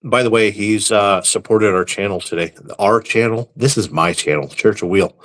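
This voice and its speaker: A man hosting a live stream, reading viewer comments aloud and answering them with deadpan, crude, mock-serious jokes. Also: on the low side, normal speed, hardly any pauses. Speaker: livestream host reading chat. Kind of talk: casual live-stream banter.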